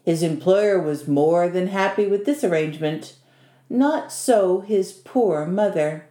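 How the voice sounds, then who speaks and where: Mellow woman narrating a folk tale. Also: lowish voice, roomy sound. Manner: measured, expressive storytelling. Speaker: storyteller. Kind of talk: scripted story narration.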